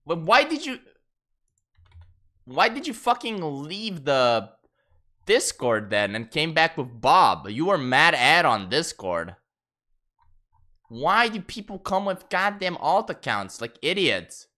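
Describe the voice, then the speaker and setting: A man's voice: on the high side, sing-song, takes it slowly, long pauses, bright, forceful tone. A man streaming a game, chatting casually and ranting with frequent swearing. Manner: profane, exasperated ranting with laughter. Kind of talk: casual gaming stream chat.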